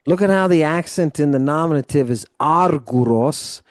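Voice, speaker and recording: A man's voice: fairly high pitch, fast talker, a little mellow, clear, resonant tone, no room sound, clean studio sound. A man tutoring a student one-on-one through Greek vocabulary, explaining grammar at length and encouraging her. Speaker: Greek teacher. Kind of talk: live tutoring session.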